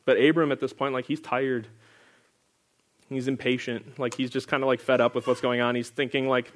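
A man's voice: medium pitch, level tone, normal speed. A young man leading a casual Bible study, reading scripture aloud and then explaining it in a loose, chatty way full of filler words. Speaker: Bible teacher.

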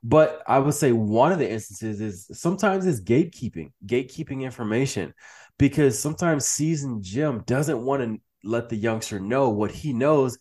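A man's voice: medium pitch, normal speed. A man as an interview guest, speaking casually with frequent laughs and restarts, acting out quoted lines. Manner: animated, laughs often, many restarts; acts out quoted speech. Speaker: podcast guest.

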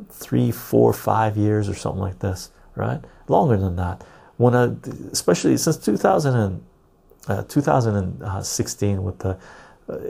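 A man's voice: mid-range voice, vocal fry, dark tone, slightly rough. A man hosting a podcast, delivering a casual, sarcastic political rant with mocking imitations of other people. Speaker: podcast host.

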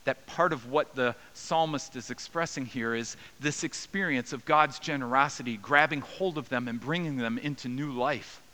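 A man preaching a sermon as a pastor, earnest and dynamic, rising to raised cries and dropping to soft, slow passages. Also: mid-range voice, poor audio.

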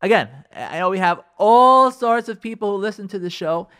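A man's voice: sits high, normal speed, clean tone. A male radio show host telling a story on air in a rambling, conversational way, acting out the dialogue of the people in it. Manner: animated, acts out quoted dialogue in the stories; rambling, with frequent fillers and restarts.

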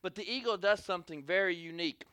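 A man's voice: high voice, fast talker, clear, resonant tone, no room sound. A man preaching a sermon, telling a story and calling on the crowd for amens, acting out scenes as he goes. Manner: animated, calls for amens, acts out scenes.

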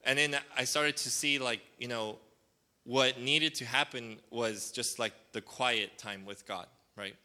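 A man's voice: medium pitch, steady tone, a little slow, bright, forceful tone. A male pastor preaching a casual, conversational sermon, rambling with lots of "like" and "um" and calling for responses from the congregation. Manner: rambling, full of fillers like "like" and "um".

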